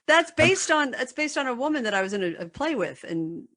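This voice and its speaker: A woman's voice: high-pitched, sing-song, brisk, a bit bright. A middle-aged woman being interviewed, chatting casually in a rambling, self-deprecating way. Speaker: guest.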